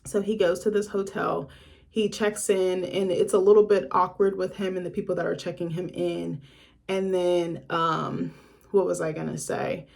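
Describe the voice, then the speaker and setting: Woman vlogger, casual film critic; slightly low-pitched, blunt, swears, sassy asides. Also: fairly even intonation, moderate pace, gravelly, darkish tone. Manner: chatty, frank, swears freely, sassy asides. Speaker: film reviewer. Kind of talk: casual film review vlog.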